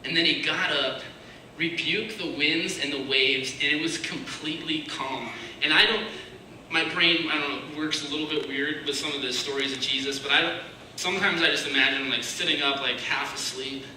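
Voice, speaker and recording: A man giving a casual, searching sermon, dropping to a hushed voice when he voices other people's prayers. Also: a little high, normal speed. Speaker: preacher. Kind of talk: conversational sermon. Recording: echoey room, mic far off, faint hiss.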